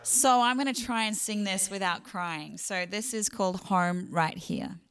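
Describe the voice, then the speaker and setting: A woman's voice: mid-range voice, a little slow, fairly bright tone, clean tone, no room sound. A woman singer-songwriter hosting her own live stream, chatting casually and reading out viewer comments.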